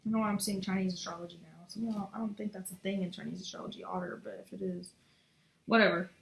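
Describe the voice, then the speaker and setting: A woman's voice: mid-range voice, steady tone, fast, vocal fry. A woman giving a casual, chatty tarot reading, talking bluntly and swearing freely. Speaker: tarot reader. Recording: echoey room with faint noise.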